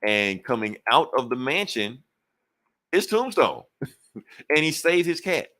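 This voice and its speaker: A man casually recapping a comic book issue on a podcast, acting out the characters' lines in quick voices and swearing freely. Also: mid-range voice, big pitch swings, bright, forceful tone. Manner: profane, loose and conversational. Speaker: podcast co-host.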